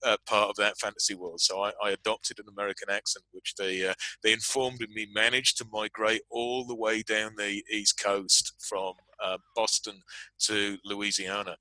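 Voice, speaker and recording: A man's voice: on the low side, flat delivery, moderate pace, sharp tone, no room sound, low-quality recording. A British man moderating a panel discussion in a chatty, self-deprecating way, laughing often.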